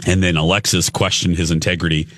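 A man's voice: low-pitched, little pitch movement, fast talker, a bit bright, dry recording, studio quality. A man co-hosting a morning radio show, sounding like he has something in his mouth while getting over bronchitis, chatting in a rambling way. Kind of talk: casual radio banter. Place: radio studio.

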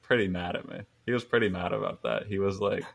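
A young man in his twenties with a low, gravelly voice that rumbles with vocal fry. He tells rambling stories in a relaxed chat, chuckling through them. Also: fast talker. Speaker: podcast guest. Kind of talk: casual storytelling chat.

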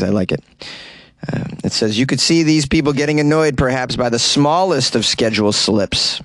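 A man's voice: mid-range voice, expressive, moderate pace, fairly bright tone, dry recording. A man hosting a comedy news podcast, reading articles aloud and mocking them sarcastically, recorded in a small closet. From lived in New York City. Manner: sarcastic, riffing on articles he reads. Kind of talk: comic news commentary.

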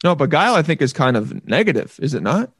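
A man in casual chat, playful and animated, often slipping into silly voices mid-story. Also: on the high side, quick pace, slightly rough, no echo, clean studio sound. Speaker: actor.

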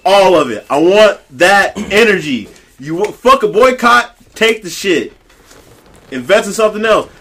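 A man on a podcast delivering a profane, heated rant, swinging between low growls and high shouted bursts. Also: lively intonation, measured pace. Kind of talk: profane ranting commentary.

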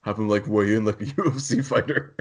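A man's voice: lowish voice, a little fast. A man co-hosting a comedy podcast, laid-back and filling his riffs with "like". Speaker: podcast co-host.

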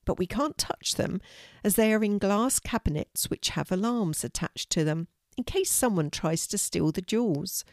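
A woman voicing an older grandmother in a storybook reading, calm and explanatory. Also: medium pitch, normal speed, no room sound, studio quality, lightly acted. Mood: patient. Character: warm, knowledgeable older grandmother.

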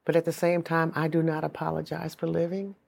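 A woman's voice: low-pitched, little pitch movement, a little fast, gravelly, a little mellow. A middle-aged woman giving earnest, emotional personal testimony in an interview.

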